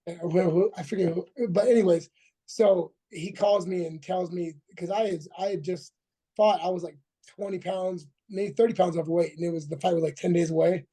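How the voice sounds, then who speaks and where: A man's voice: sits high, fairly even intonation, fairly quick, warm tone, husky. A man in his forties, a former fighter, telling a rambling, profane story as a podcast guest, full of restarts and acted-out quotes. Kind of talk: casual storytelling interview.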